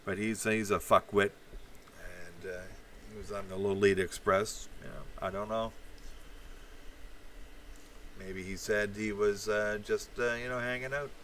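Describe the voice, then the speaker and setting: A man's voice: on the low side, steady tone, unhurried, a bit bright, slight background noise. A man hosting a rambling political commentary livestream, talking in a meandering way with many fillers and sardonic asides. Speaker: channel host.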